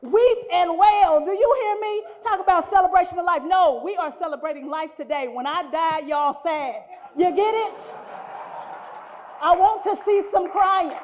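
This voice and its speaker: A woman's voice: very high voice, normal speed, a little hiss or hum. A woman, performing a stand-up comedy set, telling stories animatedly and acting out the people she quotes. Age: 40s. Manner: animated storytelling, acts out quoted voices. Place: live venue before guests.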